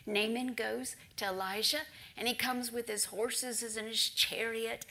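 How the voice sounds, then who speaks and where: A woman preacher delivers a storytelling sermon in a somewhat high voice with a gravelly edge. She swings between lively telling and hushed, whispered emphasis. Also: measured pace.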